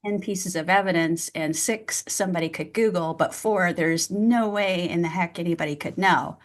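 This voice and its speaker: A woman hosting an interview show, asking questions in a measured way. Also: on the low side. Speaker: podcast host and medium. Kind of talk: casual interview talk.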